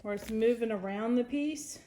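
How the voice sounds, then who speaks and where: Chatty woman, higher voice, thinking aloud. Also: normal speed, dark tone, a little hiss or hum. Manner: rambling, thinks aloud, self-correcting. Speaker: resin artist. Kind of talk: casual craft tutorial.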